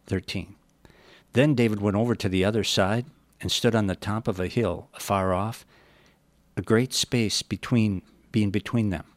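A man with a low voice leads a verse-by-verse Bible teaching. He reads the old scripture at a measured pace, then explains it in plain, folksy words. The recording is close and dry, with no room sound. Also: fairly even intonation, dry recording. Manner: folksy asides.

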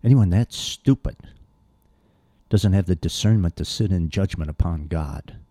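A man's voice: low-pitched, unhurried, dark tone, no echo. A man preaching a verse-by-verse sermon, earnest and blunt, reading scripture aloud and pressing his points with emphasis.

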